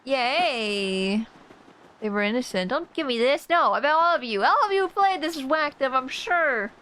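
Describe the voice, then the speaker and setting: A woman's voice: high voice, animated, measured pace, pushed and bright, poor audio. A woman streamer chatting casually with her viewers while playing a game. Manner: chatty, greets and reassures chat. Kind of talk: casual gameplay commentary.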